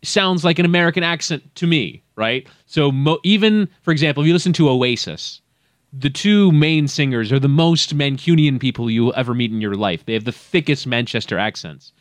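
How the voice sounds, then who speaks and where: A man's voice: a little high, a little fast, no echo. Chatty man telling tangents on a podcast. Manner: chatty, tangent-prone storyteller. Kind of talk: casual chat.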